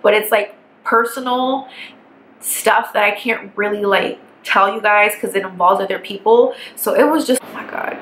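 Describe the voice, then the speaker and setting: Young woman ranting through a bright, echoey storytime. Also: medium pitch, moderate pace. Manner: animated, profane, exasperated storytelling. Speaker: vlogger. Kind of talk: casual storytime vlog. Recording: echoey room with faint background hiss.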